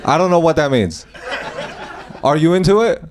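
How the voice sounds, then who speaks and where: A man's voice: on the high side, lively intonation. A man doing improvised stand-up, chatty and teasing, often laughing along with the crowd. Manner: chatty, teasing, quick to laugh at his own jokes. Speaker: stand-up comedian. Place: comedy club stage. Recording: live club mic with noise behind.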